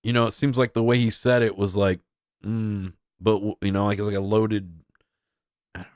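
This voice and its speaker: Man, young adult, casual commentary, rambling with fillers, deep-ish voice. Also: little pitch movement, moderate pace, darkish tone, dry recording, studio quality. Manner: rambling, heavy use of filler words. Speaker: podcast host.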